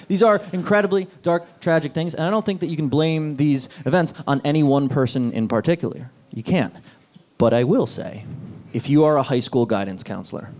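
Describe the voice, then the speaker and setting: A male stand-up comedian from New Jersey, brash and profane, jumping into loud shouted bits on stage before a live audience. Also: sits high. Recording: live club set with crowd laughter.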